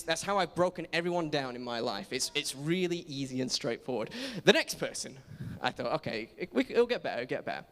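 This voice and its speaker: A man's voice: on the high side, fairly bright tone. A young man giving a casual, self-deprecating sermon in a church. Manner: self-deprecating, chatty, many restarts. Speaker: preacher. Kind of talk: casual sermon with personal stories. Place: church auditorium. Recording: reverberant church hall.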